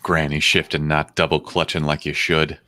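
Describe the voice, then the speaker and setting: Deep-voiced wry man. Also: moderate pace. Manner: wry, deadpan, swears casually. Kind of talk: casual livestream chat.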